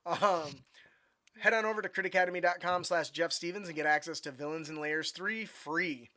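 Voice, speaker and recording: A man's voice: fairly high pitch, moderate pace, sharp tone. A man co-hosting a tabletop gaming podcast, talking casually with many fillers and restarts. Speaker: podcast co-host. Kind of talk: casual chat. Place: home room over the internet.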